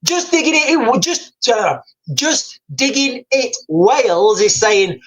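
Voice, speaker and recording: A man's voice: very high-pitched, big pitch swings, slow, fairly bright tone, poor audio. A man hosting a live news commentary stream. He rambles, repeats himself, speculates aloud and reads viewer comments and headlines off the screen.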